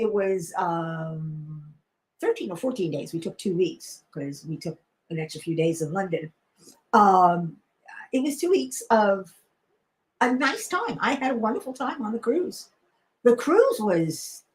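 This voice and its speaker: A middle-aged woman hosting a casual live stream, chatting in a rambling way with many fillers and restarts. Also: mid-range voice. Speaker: crafting channel host.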